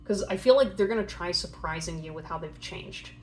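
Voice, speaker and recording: A woman's voice: on the low side, animated, brisk, a little mellow, slight background noise. Young woman, casual tarot reader, rambling chatty delivery with playful acted-out voices. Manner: chatty, rambling, full of fillers; acts out playful voices for imagined people.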